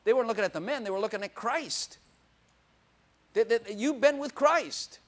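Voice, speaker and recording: This older man's sermon comes in a very high-pitched voice at normal speed. Animated throughout, he swings from loud exclamations to quiet asides and laughs often.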